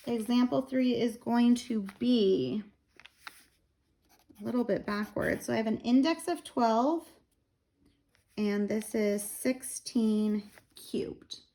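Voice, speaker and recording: A woman, tired and a little out of breath, slowly explaining a math lesson step by step with fillers. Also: a little high, dark tone. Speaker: math teacher.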